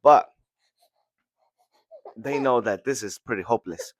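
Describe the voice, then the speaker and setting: Excited guy recapping a comic chapter, keeps repeating himself, dry close mic. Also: lowish voice, unhurried, no room sound. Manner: excitable, repeats words, acts out lines. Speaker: podcast host.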